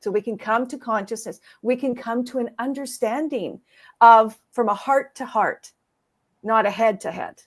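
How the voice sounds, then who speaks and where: A woman's voice: fairly high pitch, moderate pace. A woman speaking earnestly on a virtual panel, telling a story with emphatic conviction. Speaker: summit speaker. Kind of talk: panel discussion. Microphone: video call.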